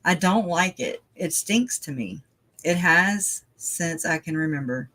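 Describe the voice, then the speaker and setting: A livestream host in casual talk, rambling and animated, with frequent laughs and many fillers, and getting loud when worked up. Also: medium pitch, unhurried, rough recording. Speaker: true crime livestream host.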